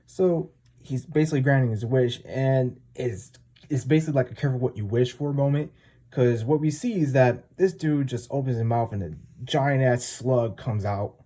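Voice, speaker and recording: Chill guy recapping a comic, mellow voice, lots of like and you know. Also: medium pitch, normal speed. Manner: rambling, full of "like" and "you know". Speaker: comic reviewer. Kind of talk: casual chapter recap.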